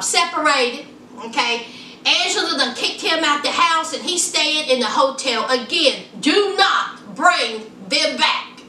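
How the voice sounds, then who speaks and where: A sassy woman gossips through a reality show recap, teasing her viewers with "honey" and "child." Her voice sits high and bright. She sounds a little distant in a roomy, echoey space. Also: a little hiss or hum. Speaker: reality TV reviewer. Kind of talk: casual TV recap vlog. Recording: echoey room, mic set back.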